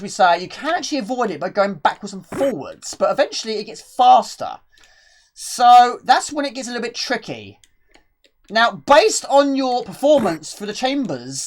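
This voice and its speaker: A woman's voice: fairly high pitch, a little hiss or hum. A woman streaming retro games live, chatting with viewers and reading game text aloud.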